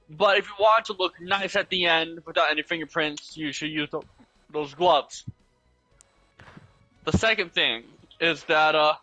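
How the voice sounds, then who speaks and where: A man's voice: high-pitched, pushed and bright, dry recording, muffled recording. A young man chatting casually over voice chat while gaming, explaining things at length with lots of fillers. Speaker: gaming channel host.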